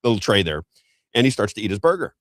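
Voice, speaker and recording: A middle-aged man hosting a talk show, telling a story in a rambling, animated way with frequent restarts. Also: fairly low pitch, fast, no room sound. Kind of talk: casual storytelling commentary.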